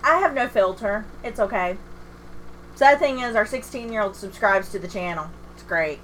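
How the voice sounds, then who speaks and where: A woman's voice: medium pitch, lively intonation, moderate pace, a bit bright, slight background noise. A middle-aged woman streaming a game from home, chatting candidly and self-deprecatingly with viewers and laughing often. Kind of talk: casual livestream chat.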